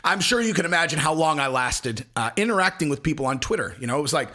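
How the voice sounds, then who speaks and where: A man's voice: fairly high pitch, animated, quick pace, few pauses, sharp tone. A man ranting casually to camera as an online commentator, rambling and crude, often cutting himself off mid-sentence. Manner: rambling, crude, self-interrupting. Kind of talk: casual video rant.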